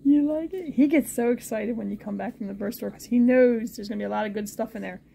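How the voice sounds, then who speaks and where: High-voiced woman chatting to her pet bird. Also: fast, creaky, a little hiss or hum. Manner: high sing-song baby talk to her bird, calm explaining to viewers. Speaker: pet bird owner filming her parrot. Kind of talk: casual home vlog.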